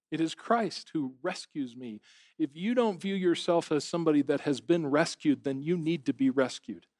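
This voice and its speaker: A middle-aged male pastor preaches in a relaxed, conversational way, poking fun at himself and often starting a phrase twice. His voice sits a little higher than most men's. The sound is dry and close, with no echo of the church room. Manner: conversational, self-deprecating, repeats words while thinking. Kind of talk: sermon. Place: church service.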